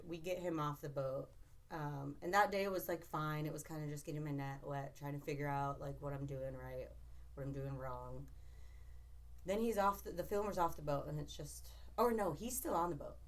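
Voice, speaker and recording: A woman fishing captain from Alaska, telling stories in a casual, animated way, full of laughs and quoted speech. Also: deep voice. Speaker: commercial fishing captain, podcast guest. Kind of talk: casual storytelling.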